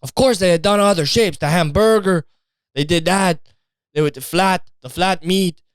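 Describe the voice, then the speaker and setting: A grandiose Italian man with a thick put-on accent, bragging and waving off doubters, his voice lifted a little higher than usual, as a man puts him on. The sound is smooth and dry, close to the mic. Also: moderate pace, no echo, close to an everyday voice. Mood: boastful. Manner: insistent and grandiose, brushes off doubt. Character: boastful Italian man bragging about his family's cooking.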